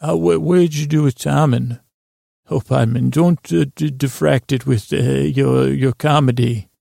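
A man hosting a comedy podcast, improvising in character as an earnest boy king, rambling and halting with many restarts. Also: mid-range voice, fairly even intonation, vocal fry, warm tone, no echo, clean studio sound.

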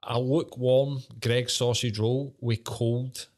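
A man's voice: mid-range voice, fairly even intonation, slow pace, darkish tone. A man with a Scottish accent hosting a podcast, bantering in casual chat, sweary and laughing often. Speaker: podcast host.

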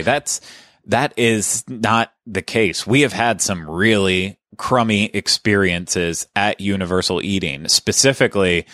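A man's voice: on the low side, unhurried, a bit bright, dry recording, clean studio sound. A man hosting a casual podcast, chatting in a conversational way and often correcting himself mid-sentence. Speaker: podcast host.

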